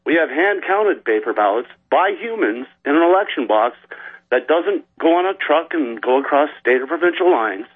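A man's voice: fairly high pitch, expressive, moderate pace, husky, dry recording. A man from Canada calling in to a radio show, rambling and joking as he makes his point. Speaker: caller. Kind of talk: call-in over the phone. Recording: dry, tinny phone line.

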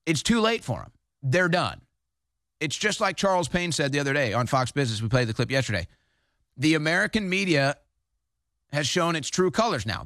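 A man's voice: a little high, fairly bright tone, no room sound, studio quality. A man hosting a political talk show, delivering emphatic, combative commentary.

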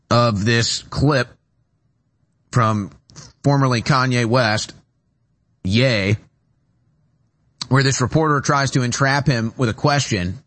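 A man's voice: medium pitch, fairly bright tone. A man hosting a talk show from a studio, delivering an emphatic, repetitive political monologue with rising urgency. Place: radio studio.

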